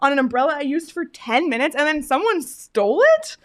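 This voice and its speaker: Woman, sports-podcast co-host; high, laughing, chatty storyteller. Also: brisk. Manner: animated, laughs often, frequent fillers. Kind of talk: casual chat, storytelling.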